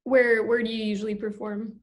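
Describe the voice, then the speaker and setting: A woman's voice: on the high side, level tone, brisk. A woman hosting a podcast, speaking hesitantly with many fillers while learning a skill. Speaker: podcast host.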